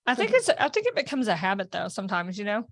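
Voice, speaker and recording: A woman's voice: medium pitch, sing-song, quick pace, no echo, studio quality. Chatty woman podcast co-host. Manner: chatty, laughing. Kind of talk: casual interview chat.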